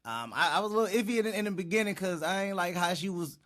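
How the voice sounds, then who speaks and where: A man's voice: sits high, quick pace, a bit bright. A man hosting a reaction video, commenting casually and thoughtfully on a dating show clip. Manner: thoughtful, talks to the viewer, sighs.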